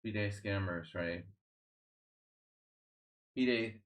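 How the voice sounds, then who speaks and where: A man's voice: lowish voice, very slow. A man streaming chess, chatting casually in a rambling, sardonic way, full of restarts and fillers. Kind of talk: casual live-stream chat.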